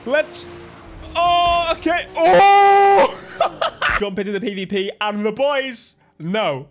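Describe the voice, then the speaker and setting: A man with an English accent giving excitable live commentary on a racing game, often yelping and shouting. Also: high voice. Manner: excitable, bursts into yelps and shouts. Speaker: gaming YouTuber.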